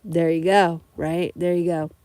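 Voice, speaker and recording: A young adult woman from California, a rideshare driver, telling profane, animated stories on a casual livestream. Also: lowish voice, a little slow, no echo. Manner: blunt, profane, animated storytelling.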